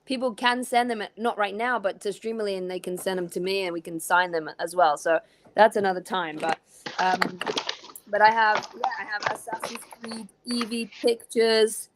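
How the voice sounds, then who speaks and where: A woman's voice: mid-range voice, fairly even intonation, moderate pace, background noise. A female voice actor chatting eagerly on a livestream over a video call. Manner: enthusiastic, chatty. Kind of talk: livestream chat.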